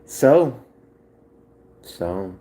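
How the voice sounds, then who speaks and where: A man's voice: on the low side, sing-song, extremely slow, warm tone, roomy sound. A man livestreaming, chatting loosely with viewers in a rambling, swearing way. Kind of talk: casual chat with viewers.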